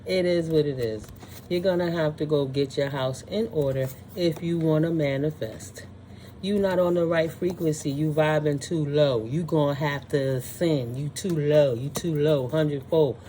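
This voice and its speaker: A woman's voice: low voice, normal speed, warm tone, a little hiss or hum. A woman doing a casual spiritual tarot reading, sassy and blunt, scolding with profanity and frequent laughs. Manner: scolding, dismissive. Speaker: tarot reader.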